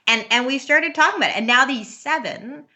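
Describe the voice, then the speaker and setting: A woman with a bright, clear voice talks through parenting ideas in an earnest, chatty way. She laughs easily and keeps a casual interview tone. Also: high voice, fast. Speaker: podcast guest, parenting coach.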